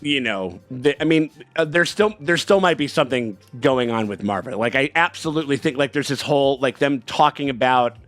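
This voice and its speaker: A man's voice: mid-range voice, animated, fairly quick, few pauses, fairly bright tone, faint music behind. A man co-hosting a casual TV reaction chat, talking loosely with many fillers and restarts, and swearing freely. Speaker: co-host reacting to a TV episode.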